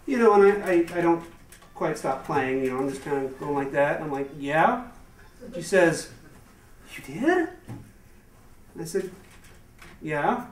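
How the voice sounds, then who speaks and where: A young man doing a rambling stand-up comedy routine with hesitant fillers and deadpan asides to a live audience. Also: on the high side, moderate pace. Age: young adult. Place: live show venue with audience. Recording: echoey room, far from the mic, noisy amateur recording.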